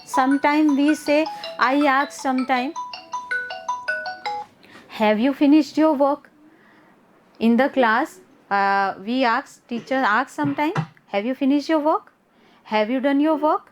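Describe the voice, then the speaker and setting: Young Indian woman, high voice, grammar teacher who switches between Hindi and English. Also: unhurried, pauses often, soft background music. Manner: mixes Hindi and English, repeats words for drilling. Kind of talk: online class lesson.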